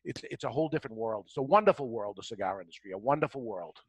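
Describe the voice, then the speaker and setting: A man's voice: mid-range voice, animated, very fast, slightly rough, dry recording. A man who runs a cigar shop, talking earnestly and reflectively as a guest on a talk show, often restarting his sentences. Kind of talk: conversational interview answers.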